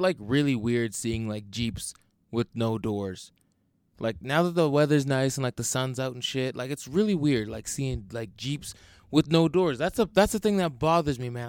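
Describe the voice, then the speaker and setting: A man's voice: mid-range voice, dry recording, clean studio sound. A young man, hosting a solo podcast and ranting in a rambling, profane way with lots of "like" and "man". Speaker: podcast host.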